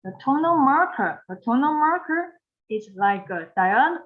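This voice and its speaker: A woman with a Mandarin Chinese accent teaching pronunciation, speaking slowly, repeating phrases and modeling tones for learners to repeat. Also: high-pitched, very animated, phone-quality sound. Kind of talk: pronunciation lesson.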